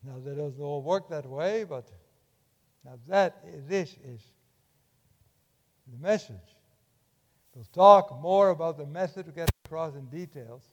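An older man preaching a sermon in a church, impassioned, swinging from loud urging to hushed tones. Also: fairly high pitch, measured pace, long pauses, big-room sound, muffled recording.

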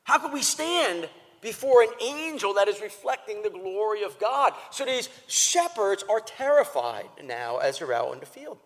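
A man preaching a sermon as pastor, emphatic and animated, repeating phrases for weight. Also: high-pitched, moderate pace, big-room sound.

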